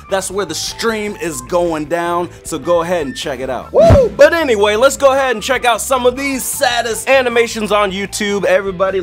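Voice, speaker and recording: A man hosting a video, reacting to clips with animated, joking, exclamatory commentary. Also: sits high. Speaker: YouTube host.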